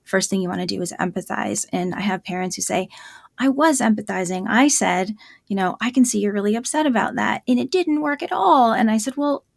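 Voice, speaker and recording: A woman's voice: medium pitch, animated, a little fast, vocal fry, dry recording, studio quality. A woman hosting a parenting podcast, talking candidly, laughing often and acting out what parents say. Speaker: podcast host. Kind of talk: conversational interview.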